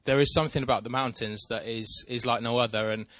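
A man's voice: medium pitch, fast, dry recording. Chatty man telling a story. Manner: rambling, self-deprecating, animated when excited. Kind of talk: casual storytelling.

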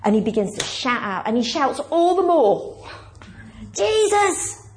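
A woman's voice: fairly high pitch, expressive, fairly quick, a little hiss or hum. A woman pastor preaching a conversational, emphatic sermon and asking the congregation questions.

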